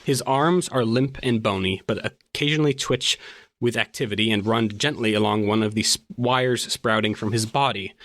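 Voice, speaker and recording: A man's voice: medium pitch, fairly bright tone, no room sound. A man narrating as game master of a tabletop game, describing scenes in vivid detail.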